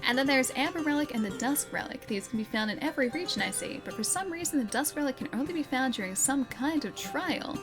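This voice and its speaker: A goofy older male fortune teller who speaks in grand, mystical phrases, read aloud by an Australian woman. The voice sits a little high. Game music plays clearly behind it. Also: lively intonation, fast talker, hardly any pauses.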